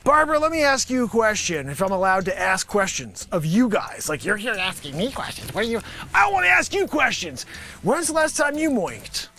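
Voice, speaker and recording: A man doing an improvised comedy monologue, rambling and animated, sometimes shouting. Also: high-pitched, a little fast. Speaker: comedian host. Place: home studio with green screen.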